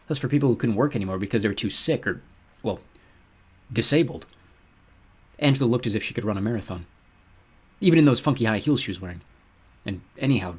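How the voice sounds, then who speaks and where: Husky, expressive male audiobook narrator. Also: lowish voice. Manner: expressive storytelling, voicing each character. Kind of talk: scripted narration.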